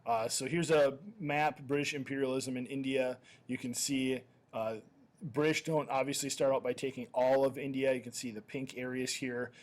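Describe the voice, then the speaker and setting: A man's voice: medium pitch, steady tone, normal speed. A man teaching history in a recorded slideshow lecture, talking conversationally with lots of "uh" and "um" fillers and the odd self-correction.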